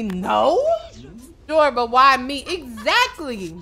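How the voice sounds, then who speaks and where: A young woman commentating her own gameplay casually, brash and profane, shouting at the game. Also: high-pitched, lively intonation, normal speed. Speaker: gaming video host. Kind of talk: casual let's-play commentary.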